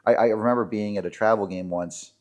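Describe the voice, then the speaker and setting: A man's voice: fairly low pitch, fairly even intonation, quick pace, a little mellow. A man, co-hosting a podcast and telling self-deprecating referee stories with many fillers. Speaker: podcast co-host, sports referee. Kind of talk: casual storytelling chat.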